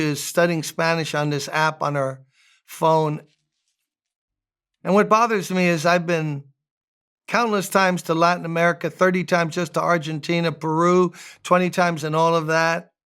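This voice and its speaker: A man's voice: on the high side, fairly even intonation, measured pace, a bit bright, clear, resonant tone, faint music behind. A man, a pastor, giving a conversational devotional sermon, making joking asides and reading scripture aloud.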